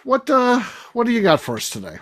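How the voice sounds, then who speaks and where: A man co-hosting a podcast roundtable, chatting casually and telling stories in an animated way. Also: very high-pitched, brisk. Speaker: podcast co-host.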